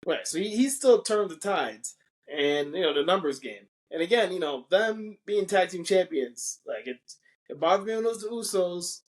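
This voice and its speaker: A man co-hosting a podcast, animated and opinionated, often restarting his sentences while grading matches. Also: high-pitched, moderate pace. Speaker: podcast co-host. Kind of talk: casual wrestling review chat.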